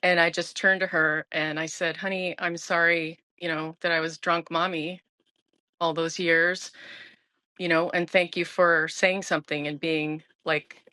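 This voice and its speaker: A woman's voice: lowish voice, flat delivery, unhurried, sharp tone, no room sound, poor audio. A woman of sixty talking candidly and emotionally as an interview guest, often restarting her sentences. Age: 60s. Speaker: guest sharing her sobriety story.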